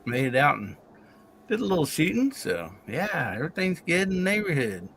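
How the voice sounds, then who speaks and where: A man's voice: fairly high pitch, huge pitch swings, moderate pace, fairly bright tone, slight background noise. A laid-back man chatting as a guest on a livestream, folksy and easygoing. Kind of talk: casual chat.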